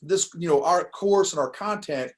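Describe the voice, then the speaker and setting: An older man talking as a podcast guest in a casual interview, animated and prone to quick restarts, laughing as he tells a story. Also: on the high side. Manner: animated, laughs while telling stories, frequent restarts. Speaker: podcast guest, course creator.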